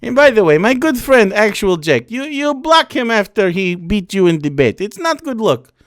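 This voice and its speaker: A high, soft-voiced "Jan" who talks in small, careful, childlike sentences, a meek European caricature of a male pundit, as a man puts him on. His phrasing is gentle and halting, like someone trying very hard to be nice. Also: sing-song. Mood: scolding, goofy. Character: meek, simple-minded European parody of a male political commentator.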